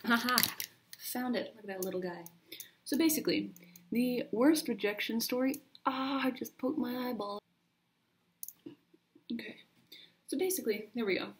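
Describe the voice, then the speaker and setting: A woman's voice: on the high side, normal speed, long pauses. Young woman rambling on a laptop mic. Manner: chatty and rambling, full of "like". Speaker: vlogger. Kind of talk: casual makeup tutorial chat. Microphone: built-in computer mic.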